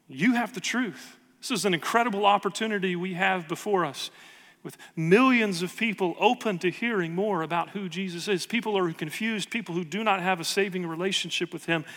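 A man's voice: high voice, a bit bright, big-room sound. A man preaching a sermon with earnest emphasis, reading scripture aloud to his congregation. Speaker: pastor.

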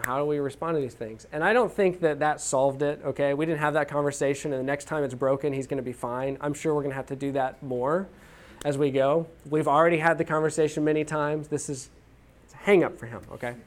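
A man's voice: on the high side, slight background noise. A man in his thirties giving a talk on parenting, telling a story about his own child and acting out what he said with small laughs. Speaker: speaker on parenting. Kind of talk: anecdotal teaching talk.

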